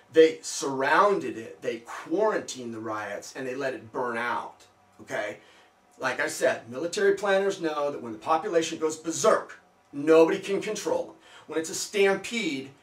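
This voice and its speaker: A man giving casual skeptical commentary to his viewers, firing off rhetorical questions and mocking asides. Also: a little high. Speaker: video blogger. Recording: roomy, distant from the mic.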